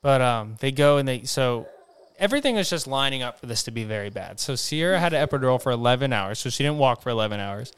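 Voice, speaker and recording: A young man co-hosting a podcast, telling a story in a casual, animated way and swearing freely. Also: medium pitch, quick pace, clear, resonant tone. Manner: animated, acts out voices when excited, swears freely. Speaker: podcast co-host.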